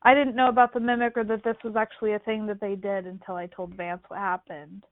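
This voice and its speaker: A woman's voice: mid-range voice, quick pace. A woman co-hosting a podcast, telling a campfire-style personal story in casual chat and acting out the voices she quotes. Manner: animated, acts out quoted voices. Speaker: podcast co-host. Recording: dry, phone-like line.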